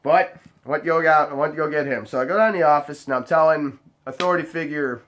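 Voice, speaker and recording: A man's voice: a little high, fast talker. Profane man telling bar stories. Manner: profane, animated, acts out other people's voices. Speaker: bar bouncer. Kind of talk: casual storytelling to camera.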